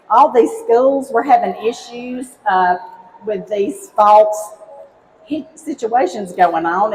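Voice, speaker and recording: A woman's voice: a little high, a little mellow, a little hiss or hum, low-quality recording. Cheerful Southern woman demonstrating a recipe on stage. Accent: Southern American, Alabama. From Alabama, United States. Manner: cheerful, folksy, chatty, keeps calling on the crowd. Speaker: cooking demonstrator, former high school teacher. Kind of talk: live cooking demo for an audience. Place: outdoor cooking stage with a live audience.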